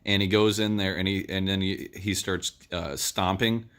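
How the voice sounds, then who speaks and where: A man's voice: low voice, steady tone, moderate pace, fairly bright tone, clean tone. A man giving a casual movie review, rambling through the plot with lots of "uh" and "um". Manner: rambling plot retelling with many fillers.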